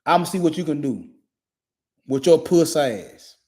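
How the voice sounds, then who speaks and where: A man's voice: a little high, lively intonation, unhurried, dark tone. Blunt, profane man in his forties. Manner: blunt, repetitive, emphatic and heavy with profanity. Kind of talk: profane motivational monologue.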